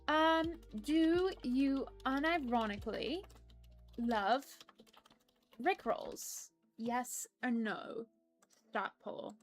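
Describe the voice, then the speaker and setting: A woman's voice: high voice, very slow, faint music behind. A woman voicing a prim, polite persona who reads live-stream chat aloud and apologizes often. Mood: prim chatty. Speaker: stream co-host reading chat.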